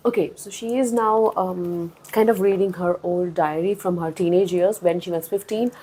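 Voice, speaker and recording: A woman reviewing a book in a casual vlog, talking in a chatty, expressive way with big swings in pitch and loudness. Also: moderate pace, a little hiss or hum, rough recording. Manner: chatty, with frequent fillers and restarts.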